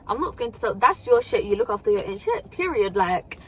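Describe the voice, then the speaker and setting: A woman's voice: medium pitch, sing-song, a little fast, fairly bright tone. A young woman telling a storytime vlog in casual, slangy talk with frequent swearing and fillers. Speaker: vlogger.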